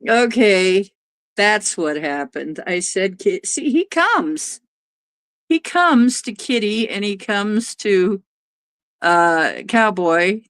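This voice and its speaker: A woman's voice: mid-range voice, lively intonation, takes it slowly, a bit bright, clear, resonant tone, no echo. A woman hosting a livestream, chatting casually and rambling, now and then cooing at her cat. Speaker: livestream host.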